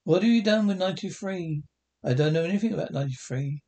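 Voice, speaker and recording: A man's voice: sits high, fast talker, dark tone, lo-fi sound. An actor from New York playing a bewildered, defiant captive man who talks in an urgent, demanding way in a TV drama. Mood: angry, insistent. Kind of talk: TV drama acting.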